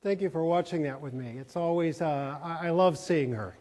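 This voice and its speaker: A man's voice: a little high, moderate pace, warm tone. A man giving a folksy, humorous storytelling talk to a conference audience. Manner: folksy, humorous, with quoted voices. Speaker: keynote speaker. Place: large conference hall. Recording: reverberant hall.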